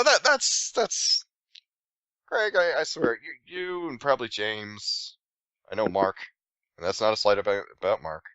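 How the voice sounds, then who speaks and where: A man co-hosting a podcast, chatting casually, riffing and joking with quick self-corrections. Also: on the low side, bright, forceful tone, no room sound, muffled recording. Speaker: podcast co-host. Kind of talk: casual chat.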